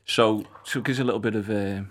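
A man's voice: fairly low pitch, steady tone, fast, slight background noise. A man hosting a casual interview, asking rambling questions and teasing his guest. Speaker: podcast host.

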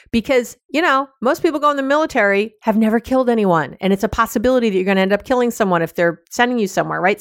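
A woman's voice: medium pitch, no echo, studio quality. A woman hosting a solo advice podcast, talking frankly and casually, with many fillers and restarts. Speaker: podcast host giving sex advice.

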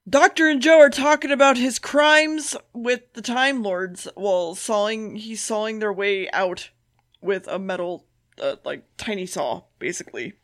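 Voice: medium pitch, a little slow, a bit bright. A podcast co-host giving a loose, sardonic plot recap, peppered with swearing and dry asides. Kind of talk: casual episode recap.

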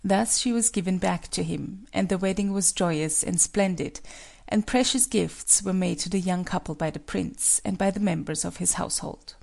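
A woman reading a folk tale as scripted narration, in a measured, solemn way. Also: on the low side, vocal fry, a little mellow. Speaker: storyteller.

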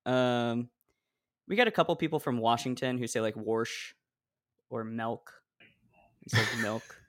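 A male podcast host from Oregon keeps the talk loose and chatty, telling little stories with hesitant restarts. His voice has an everyday middle pitch. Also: brisk. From Oregon, USA. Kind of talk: casual chat.

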